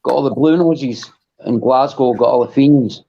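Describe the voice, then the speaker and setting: A man's voice: mid-range voice, normal speed. A laid-back man in a casual chat, looking back on nights out with friends. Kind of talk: casual online banter. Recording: lo-fi muffled audio.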